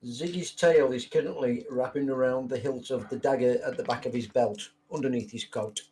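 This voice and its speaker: A man's voice: mid-range voice, steady tone, normal speed, a little mellow, slight background noise. Matter-of-fact male player. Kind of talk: playing a tabletop game.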